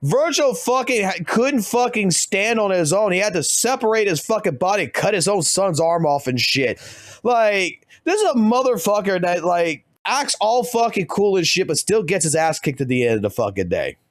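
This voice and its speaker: Guy streamer ranting and cursing nonstop, high lively voice, dry close sound. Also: normal speed, no room sound. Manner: heated, swears constantly. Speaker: game streamer. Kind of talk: profane gaming rant.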